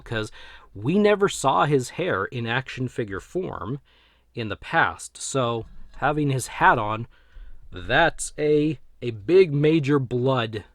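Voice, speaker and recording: A man's voice: medium pitch, dry recording, studio quality. A man giving a casual, rambling action figure review, often correcting himself as he talks into his desk camera. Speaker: toy reviewer.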